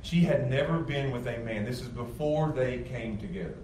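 A man of medium pitch preaches at a moderate pace, his tone a little mellow, with slight background noise. He's a pastor talking to his congregation in a church sanctuary, emphatic and conversational with frequent restarts. The room is echoey, the mic distant, the ambience faint.

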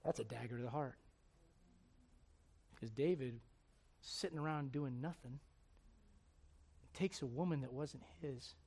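A male preacher delivering a sermon as animated storytelling, asking the crowd rhetorical questions. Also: mid-range voice, measured pace, pauses often, slightly rough.

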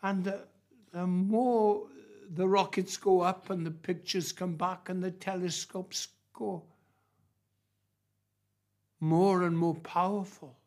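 Guy preaching slow, kinda high voice, gets loud then goes quiet on the big lines. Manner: emphatic, swings between soft and loud. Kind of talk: sermon.

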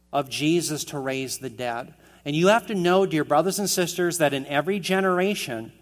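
Earnest man preaching, slightly high voice. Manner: earnest, emphatic preaching with rhetorical questions. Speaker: pastor. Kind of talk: expository sermon.

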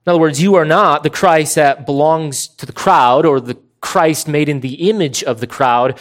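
A man preaching an expository sermon, emphatic and deliberate, slowing down to stress key words. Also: fairly high pitch. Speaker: pastor.

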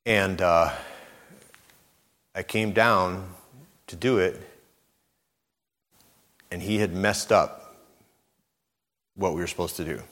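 A middle-aged man delivers a sermon in a relaxed, conversational way, often repeating words and acting out the voices of the people in his stories. His voice sits very low. It rings with the long reverb of a large hall. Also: takes it slowly, long pauses. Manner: conversational, repeats words, acts out quoted speech. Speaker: preacher.

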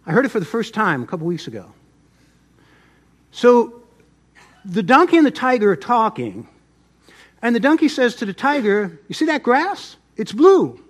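A middle-aged pastor preaching a sermon, swinging between loud emphasis and soft asides. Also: male voice, sits high, sing-song, normal speed, long pauses.

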